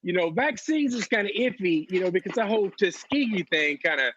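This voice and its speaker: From a couch at home, a man in his thirties delivers a brisk, loose, profane stand-up set over video call, laughing as he goes. His high-pitched voice is expressive and a bit bright, while the audio cuts off the highs and carries a little hiss or hum.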